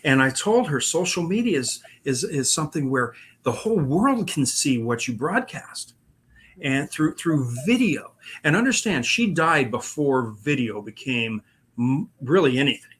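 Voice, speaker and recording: A man's voice: mid-range voice, lively intonation, a little slow, a bit bright, slightly rough. A man telling his own paranormal stories in a rambling way, with many fillers and restarts. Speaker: paranormal investigator guest. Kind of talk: casual storytelling.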